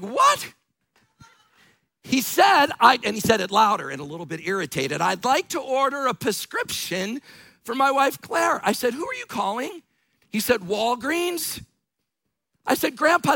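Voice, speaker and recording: A middle-aged man preaching a sermon as pastor, telling stories with bursts of shouting and laughter. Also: high voice, vocal fry, no room sound.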